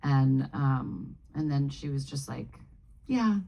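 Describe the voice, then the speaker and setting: A woman's voice: very deep voice, flat delivery, slow, gravelly, mellow, low-quality recording. A woman speaking as a guest on a live Q&A panel, talking casually in rambling, self-interrupting bursts with frequent laughs. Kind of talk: casual Q&A talk. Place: live Q&A panel before an audience.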